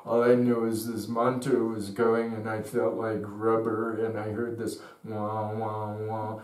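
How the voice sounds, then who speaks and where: Man, low voice, slow, storyteller, roomy echo, distant mic. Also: monotone, a little mellow. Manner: unhurried, thoughtful. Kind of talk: slow spoken reminiscence.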